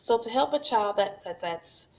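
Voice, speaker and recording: A woman preschool teacher demonstrating a craft activity at home and giving parenting tips, speaking slowly and patiently. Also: fairly high pitch, animated, a little hiss or hum. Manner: patient, slow and encouraging, models sing-song animal sounds for toddlers.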